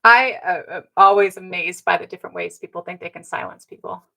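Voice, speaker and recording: A woman's voice: on the low side, fairly even intonation, brisk, creaky, sharp tone, rough recording. A woman talking straight to her viewers in a casual monologue, earnest, with many ums and rhetorical "right?" tags. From Indigenous North America. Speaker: commentator. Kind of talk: casual direct-to-camera monologue.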